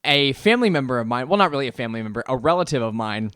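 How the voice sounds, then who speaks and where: A young man co-hosting a podcast, telling a story in casual chat, lively and laughing often as he acts out what people said. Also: medium pitch, very fast, smooth, no echo, studio quality. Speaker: podcast co-host.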